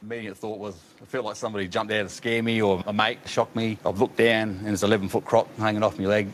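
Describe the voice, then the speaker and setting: A man's voice: lowish voice, little pitch movement, quick pace, slight background noise. A man with an Australian accent recounting a survival story in plain, matter-of-fact slang. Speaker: crocodile attack survivor in a played clip. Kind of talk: telling a true story on camera.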